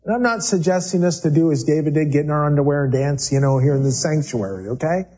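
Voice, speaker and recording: A man's voice: on the high side, fast, warm tone, slightly rough, highs cut off. A man preaching a sermon in a church sanctuary, talking in a loose, conversational way and often repeating words as he goes. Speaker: pastor.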